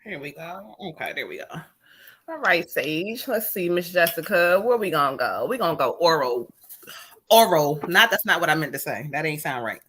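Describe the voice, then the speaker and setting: A woman's voice: sits low, lively intonation, a little fast, sharp tone, slight background noise. A woman hosting a casual live-stream chat, laughing often and using slang as she reads viewer comments aloud. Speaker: tarot reader and co-host.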